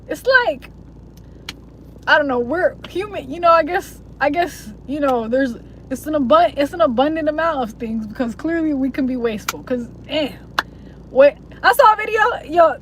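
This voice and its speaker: Chatting loosely with her stream audience, this young woman uses a high voice, lots of slang and profanity, and mimics voices mockingly as she rambles. A slight hiss or hum runs under the poor-quality audio.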